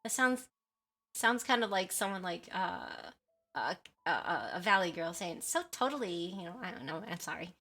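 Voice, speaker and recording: A woman's voice: on the low side, animated, normal speed, sharp tone. A woman streamer chatting casually with viewers, rambling with lots of fillers, giggles and apologies. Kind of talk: casual livestream chat with viewers.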